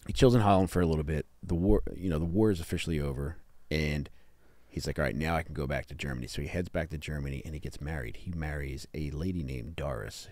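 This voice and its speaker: Deep-voiced man telling a story, crude and joking. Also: a little mellow, dry recording. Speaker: podcast host telling the story. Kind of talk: casual storytelling chat.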